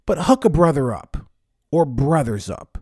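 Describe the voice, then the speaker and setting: A man hosting a casual podcast, talking in a lively, conversational way and stressing words as he rants. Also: a little high, measured pace, breathy edge, dry recording, studio quality. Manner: lively, conversational, ranting with emphasis. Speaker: podcast host. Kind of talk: casual solo podcast talk.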